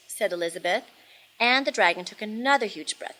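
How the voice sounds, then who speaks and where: A woman reading a storybook aloud to children, expressive and animated, with dramatic hushes and shouts. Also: mid-range voice, normal speed, poor audio.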